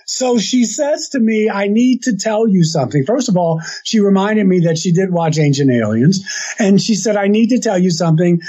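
High, husky man telling a story. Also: animated, normal speed, dark tone. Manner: rambling, with restarts and quoted dialogue. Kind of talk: casual retelling of an anecdote. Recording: dull lo-fi sound.

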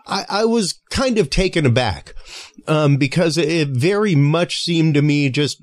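A man's voice: fairly high pitch, expressive, no echo. Guy hosting a podcast, lots of ums and restarts, dry mic. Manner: halting, many fillers and restarts. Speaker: podcast host. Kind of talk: casual interview chat.

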